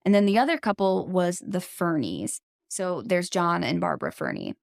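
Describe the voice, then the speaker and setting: A woman's voice: fairly low pitch, huge pitch swings, moderate pace, creaky, no echo, clean studio sound. A woman hosting a true-crime podcast in casual chat. She is blunt and opinionated and swears freely. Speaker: podcast host.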